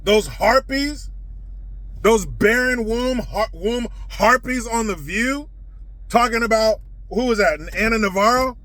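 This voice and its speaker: A man delivers a sarcastic, scornful political rant from inside a car. His voice sits high and sounds bright and forceful, and the whole delivery is mocking. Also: a little slow, no echo. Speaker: political commentator.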